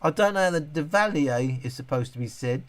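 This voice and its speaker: A middle-aged man hosts a casual live stream, reading viewer comments and answering in a rambling way, interrupting himself with many restarts. His voice is on the high side, animated and a little fast.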